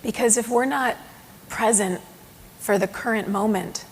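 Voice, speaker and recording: A woman giving a conference keynote on mindfulness to a live audience in a large hall, telling stories with lively acted-out quotes. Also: mid-range voice, a little slow, creaky, a little hiss or hum. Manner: animated storytelling with acted quotes. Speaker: mindfulness speaker. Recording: long hall reverb.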